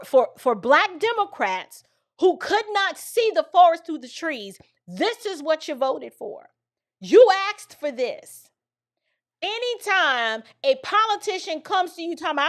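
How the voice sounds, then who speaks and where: Combative, high-voiced woman commentator. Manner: combative, preachy, rhetorical questions. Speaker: political commentator. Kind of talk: opinion monologue.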